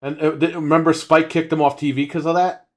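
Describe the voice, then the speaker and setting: Man, podcast co-host, casual rant, swears a lot, congested throat, somewhat high voice. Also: flat delivery, a little fast. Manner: ranting, profane.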